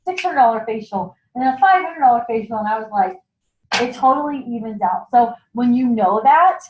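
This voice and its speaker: A woman's voice: on the high side, expressive, a little hiss or hum. A woman giving a chatty sales training talk at a meeting, acting out what customers say. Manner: chatty, acts out customer lines in quick voices. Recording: echoey room, dull lo-fi sound.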